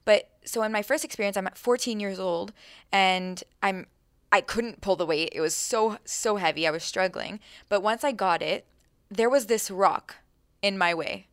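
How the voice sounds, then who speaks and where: A young woman chatting casually, telling a lively story full of fillers and acted-out thoughts. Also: medium pitch, normal speed, dry recording, clean studio sound. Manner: animated, many fillers, acts out her own thoughts.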